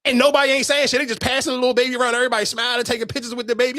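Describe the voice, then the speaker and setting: Fast-talking, high-voiced man podcaster. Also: no room sound, studio quality. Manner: animated, profane storytelling with rising outbursts. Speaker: podcast host. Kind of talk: casual podcast chat.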